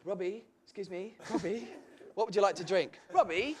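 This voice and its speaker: Animated man telling stories. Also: high-pitched, normal speed. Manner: animated storyteller, laughs through his tales. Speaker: comedian guest. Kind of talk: anecdotal talk show chat.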